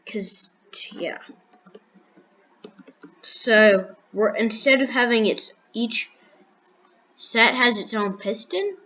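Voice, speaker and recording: Slow, dry-humored woman thinking aloud. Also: fairly high pitch, sharp tone, highs cut off. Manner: unhurried, thinking aloud with restarts and counting. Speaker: gaming video creator. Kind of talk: casual Minecraft build commentary.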